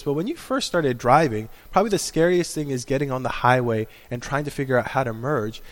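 A man in his thirties preaching a sermon as pastor, animated, acting out quoted voices with bursts of laughter. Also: mid-range voice. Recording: echoey hall sound.

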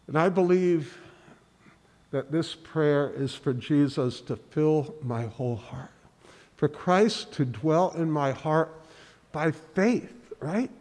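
A man preaching a sermon in earnest, halting speech, often restarting and repeating words. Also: fairly high pitch, darkish tone, in a large hall. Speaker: pastor. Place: church sanctuary.

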